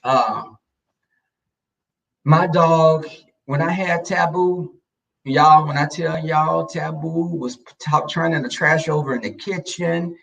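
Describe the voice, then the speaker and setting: Livestream host, male, gravelly and a touch high, chatty, talks to viewers, sits back from the mic. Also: takes it slowly, a bit bright, far from the mic, poor audio. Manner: chatty storyteller addressing viewers. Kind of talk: casual livestream chat.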